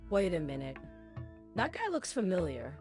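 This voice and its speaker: A woman's voice: on the low side, big pitch swings, normal speed, a little mellow, soft background music. A woman in comedic scripted banter as a co-host, with a dry, teasing delivery.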